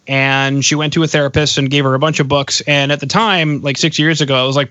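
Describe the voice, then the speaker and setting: A man's voice: on the high side, fairly even intonation, a little fast, sharp tone, no echo. Rambling, joking male podcast host. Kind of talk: casual interview chat. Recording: dull lo-fi, dry close sound.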